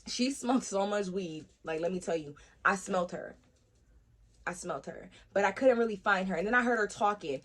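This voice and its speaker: Animated young woman telling a storytime. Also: mid-range voice, fairly quick. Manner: animated, profane, acts out quoted voices. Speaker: storyteller vlogger. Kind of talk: casual storytime.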